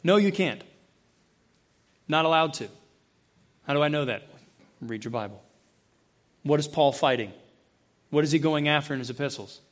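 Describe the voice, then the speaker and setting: A pastor preaches to his congregation through a close handheld or stand microphone, asking them questions and voicing the people he quotes. His intensity shifts from loud, high-pitched emphasis to quiet, low tones.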